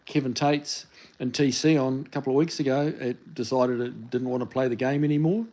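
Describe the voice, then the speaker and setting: Kiwi man hosting a casual phone live stream, soft and dark in tone, easygoing and meandering. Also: medium pitch, rough recording. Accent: New Zealand. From New Zealand. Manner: rambling, reads viewer comments aloud. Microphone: phone held in hand.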